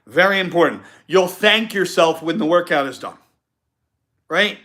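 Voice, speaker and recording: A man's voice: sits high, normal speed, bright, forceful tone. A man hosting a live-stream podcast, giving an emphatic motivational talk and repeating his key points. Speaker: podcast host.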